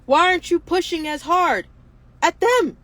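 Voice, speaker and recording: A woman's voice: very high-pitched, expressive, unhurried, a bit bright, dry recording. A woman hosting her own show, speaking in an impassioned monologue full of indignant rhetorical questions. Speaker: show host.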